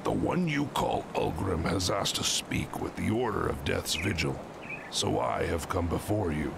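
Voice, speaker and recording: Gravelly necromancer envoy. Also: male voice, low voice, animated, measured pace, background noise, exaggerated voice. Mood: solemn.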